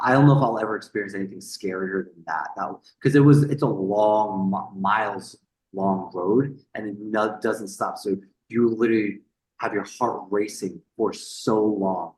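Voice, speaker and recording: This casual storytelling interview features a lowish-voiced man on a podcast, spinning an animated yarn full of swearing. Words get repeated along the way, and he acts out whoever he's quoting; the space around him echoes.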